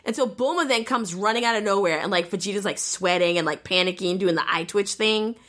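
A woman casually retelling an anime episode to a friend, animated, acting out the characters' lines and swearing freely. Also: medium pitch, a little fast. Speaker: anime recapper in a casual chat. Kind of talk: casual chat.

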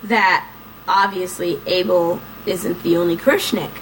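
A woman's voice: on the low side, fairly even intonation, unhurried, a little hiss or hum, low-quality recording. Rambling woman recapping a story, swearing freely. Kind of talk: casual chat, recapping a series.

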